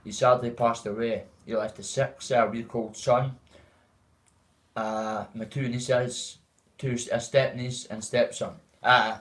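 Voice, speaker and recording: On a casual livestream, a man from Dundee, Scotland, with the local accent, chats at length and rambles to viewers he calls mate. He speaks slowly in a mid-range, level, fairly bright voice, and the recording is low quality.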